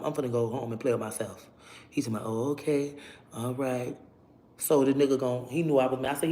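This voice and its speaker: A woman's voice: low voice, echoey room. A woman telling a story to her viewers in casual, profane vlog chat. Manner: loud animated storytelling with profanity. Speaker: vlogger.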